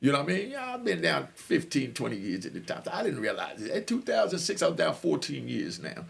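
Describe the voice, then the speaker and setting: A middle-aged man telling his own story casually, slangy and animated, often asking if you get him. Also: fairly high pitch, brisk, creaky. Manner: animated, slangy, keeps asking "you know what I mean".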